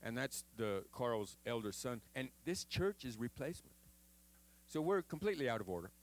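A man preaching a sermon in an animated, chatty way, with jokes and acted-out quotes. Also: medium pitch, normal speed.

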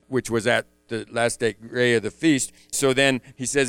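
A man teaching a Bible sermon in a lively way, often asking his listeners rhetorical questions. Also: medium pitch, normal speed, few pauses, smooth, no echo.

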